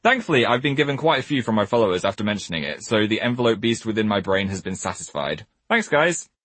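A man reads out funny stories about his own childhood in a playful, self-mocking voice. His pitch swings a lot and has a slightly husky grain. The recording is close and dry. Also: very animated, quick pace, fairly bright tone, no echo. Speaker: co-host reading his own book. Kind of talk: casual comic reading and chat.

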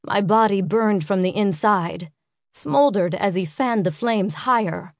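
A woman's voice: mid-range voice, measured pace, dry recording, studio quality. Woman narrating an intimate audiobook. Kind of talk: first-person romance audiobook narration.

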